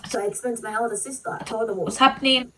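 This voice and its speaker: A woman vlogger telling a painful personal story, halting and full of "like" and "you know", fighting back tears. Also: a little high, fairly bright tone, far from the mic, slight background noise, rough recording.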